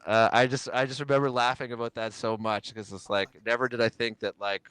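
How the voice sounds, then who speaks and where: A man telling a story in a relaxed chat, slipping into quick voices when he quotes people. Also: mid-range voice, smooth, no echo. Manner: laid-back, quoting others in little voices. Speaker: podcast guest. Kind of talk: casual storytelling.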